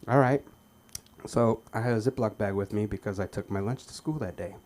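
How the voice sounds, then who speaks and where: Stammering stand-up comic acting out scenes. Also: male voice, on the low side, brisk. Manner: stammering, acts out shouted quotes. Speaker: open mic comedian. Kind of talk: stand-up storytelling. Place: comedy club stage.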